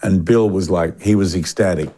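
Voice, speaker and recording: An older Australian man in a relaxed interview, his voice sitting a little low. He tells long stories with restarts and lively quoted voices. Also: normal speed. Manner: animated storyteller, acts out quoted voices, frequent restarts. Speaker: guest musician.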